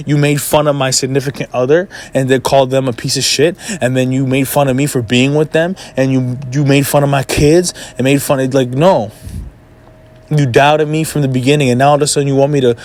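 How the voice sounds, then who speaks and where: A man ranting to his viewers in a blunt, profane, heated way, giving life advice. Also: mid-range voice. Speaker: vlogger. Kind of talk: casual rant to camera.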